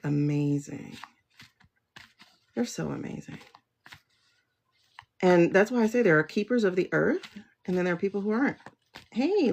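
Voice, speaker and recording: A woman's voice: fairly low pitch, vocal fry, darkish tone. A woman hosting a casual livestream, rambling and emotional, with many restarts and laughs. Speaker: livestream host, tarot reader. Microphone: phone.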